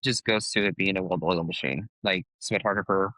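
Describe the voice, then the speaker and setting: Low, bright-voiced man reviewing films. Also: quick pace, dry recording, rough recording. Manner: thoughtful, admiring, candid about his reactions. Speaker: podcast co-host. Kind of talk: casual film review chat.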